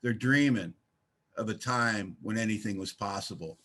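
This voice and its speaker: A man's voice: on the low side, moderate pace, fairly bright tone, slight background noise. Emphatic folksy man telling his recovery story. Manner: emphatic, folksy storyteller with a blunt sense of humor. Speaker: speaker sharing recovery story. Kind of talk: speaker share at a recovery meeting. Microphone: video call.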